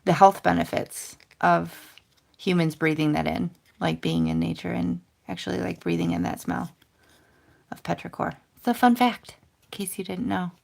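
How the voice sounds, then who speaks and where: Stamping and coloring live on her crafting channel, a woman in her thirties talks to viewers in a casual, rambling, self-deprecating way. Her lowish voice has vocal fry and a little mellowness, with a steady tone at normal speed.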